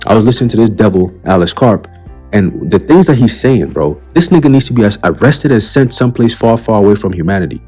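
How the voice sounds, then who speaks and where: A man's voice: lowish voice, animated, quick pace, darkish tone, breathy edge, soft background music. A man hosting a commentary rant. He is blunt and profane and turns preachy as he warns of coming doom, tagging his points with "okay?". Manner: blunt, profane and heated, repeats "okay?" as a tag. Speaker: commentary channel host. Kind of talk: ranting commentary on a list of news items.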